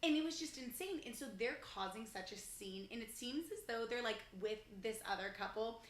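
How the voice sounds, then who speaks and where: A woman's voice: a little high, expressive, normal speed, reverberant, slight background noise. A young adult woman co-hosting a podcast, telling a story in casual chat and animatedly acting out the people she quotes. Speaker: podcast co-host.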